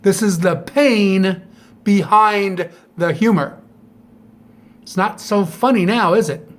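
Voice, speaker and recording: Angry middle-aged man, high voice. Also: slow. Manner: bitter, profane, sharp rhetorical jabs. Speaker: vlogger. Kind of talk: angry monologue to camera.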